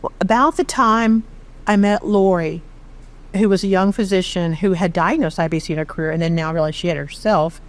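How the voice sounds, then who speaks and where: A middle-aged woman from Texas tells her own story as an interview guest, candid and animated, with a self-deprecating streak. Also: fairly low pitch, fairly quick. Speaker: charity founder, interview guest. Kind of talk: conversational storytelling.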